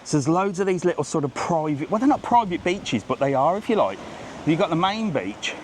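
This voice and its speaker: A man's voice: fairly high pitch, very animated, a little fast, slight background noise. A man hosting a live walking travel vlog on a seaside street, chatty and joking with people he passes, filmed on a handheld phone camera. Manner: chatty, jokey, greets passersby. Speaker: travel vlogger.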